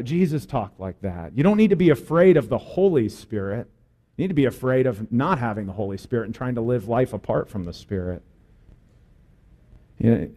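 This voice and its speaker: A man's voice: medium pitch, darkish tone. A man preaching a sermon as pastor, putting earnest, direct questions to his congregation.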